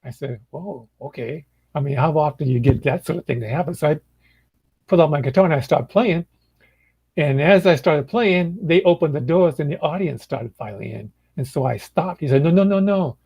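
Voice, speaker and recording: This older man, a blues musician, has a fairly high, gravelly voice with a breathy edge and speaks briskly. Recorded roughly in an indoor room with no echo, he chats casually, telling stories at an easy pace and acting out others' words in a relaxed way.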